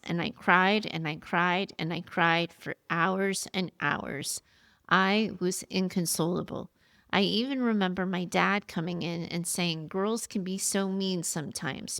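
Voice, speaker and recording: Female host reading a listener's letter, earnest and heartfelt, with a gravelly edge on a dry close mic. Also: mid-range voice, fairly bright tone, no room sound. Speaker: podcast host.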